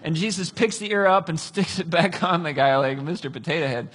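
A man preaching a sermon, telling a story with lively, acted-out dialogue. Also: on the high side, a little fast, slight background noise. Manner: animated storytelling, acts out voices. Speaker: pastor.

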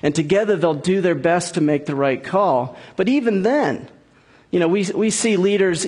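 Husky-voiced man preaching a sermon. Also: sits high, a little mellow. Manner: conversational preaching with frequent restarts. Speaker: pastor.

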